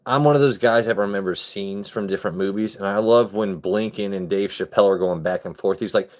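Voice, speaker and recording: A man with a fairly low voice hosts a casual livestream from home. He keeps it laid-back and joking, and chats with viewers by name. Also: a little fast. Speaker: livestream host. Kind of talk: casual chat with live chat viewers.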